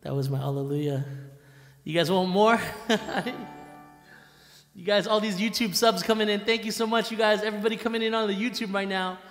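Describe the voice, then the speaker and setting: A man with a high, bright voice talks excitedly to his live-stream audience, laughing and repeating himself. His room rings with a long, echoey reverb. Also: brisk, soft background music. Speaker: live-stream musician host.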